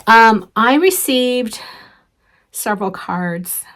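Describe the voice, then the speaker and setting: A woman's voice: fairly high pitch, lively intonation, slow, a bit bright, a little hiss or hum. A middle-aged woman hosting a casual show-and-tell craft vlog, chatty and rambling, with many ums and restarts. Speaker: flosstube host.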